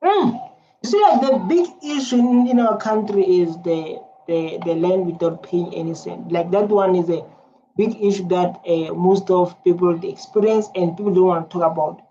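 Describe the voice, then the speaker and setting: South African woman host, low voice, excited, repetitive, halting; dull lo-fi sound. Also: slight background noise. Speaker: reaction video host. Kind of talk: casual commentary. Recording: dull lo-fi sound with faint ambience.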